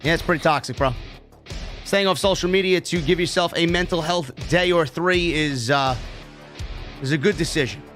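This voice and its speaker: Hosting a live wrestling review stream, a man reads viewers' super chats aloud and chats casually, swearing a lot. His voice is a little high and a bit bright, at a moderate pace, with faint music in the background.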